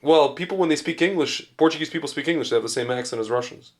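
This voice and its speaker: Man telling stories in casual chat. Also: on the high side. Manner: agreeable, quick storytelling. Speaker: podcast co-host.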